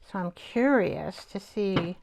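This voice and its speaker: A woman hosts a live crafting stream at an unhurried pace, rambling and thinking aloud as she works. Her voice has a gravelly fry at mid pitch. She drops into soft, half-whispered asides now and then. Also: lively intonation, background noise. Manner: chatty, rambling, talks to herself while working. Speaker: host of a live art show.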